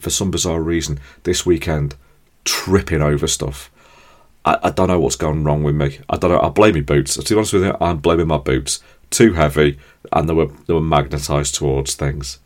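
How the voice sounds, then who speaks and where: A man hosting his own podcast, telling rambling, self-deprecating stories in a chatty, animated way. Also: rumbling low. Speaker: podcast host. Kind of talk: casual storytelling monologue.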